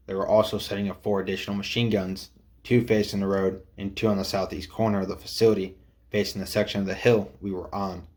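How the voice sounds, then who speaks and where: A man with a very low, deep voice reads a first-person military story aloud. His delivery is steady and matter-of-fact, like a plain narrated account. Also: fast talker.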